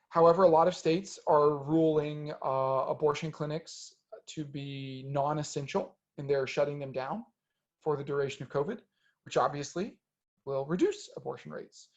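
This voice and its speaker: Researcher, male, slightly high voice, halting Q&A delivery full of fillers, muffled remote recording. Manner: hesitant, many ums and restarts. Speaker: researcher answering audience questions. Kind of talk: webinar Q&A.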